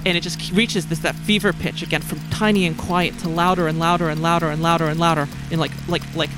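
Halting, slightly high-voiced male game master. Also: flat delivery, over music. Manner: halting, full of "like" fillers and restarts. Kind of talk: narrating a tabletop game.

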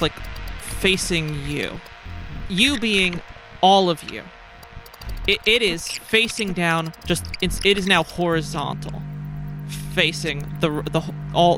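Guy gm narrating a tabletop game, kinda high voice, lots of likes and restarts, faint music behind. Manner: halting, full of "like" fillers and restarts. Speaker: game master.

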